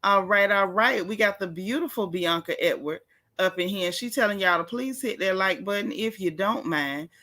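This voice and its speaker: A woman's voice: mid-range voice, pushed and bright. Chatty gossip-stream woman greeting her viewers. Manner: chatty, greets viewers by name, drawn-out repeated phrases. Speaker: livestream gossip host. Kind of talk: casual live-stream chat.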